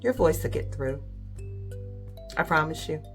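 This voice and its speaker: A woman host delivering a faith-centered motivational talk. She speaks directly and with emphasis in a lowish voice, often checking in with "right?". Soft music plays quietly underneath. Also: animated, a little slow.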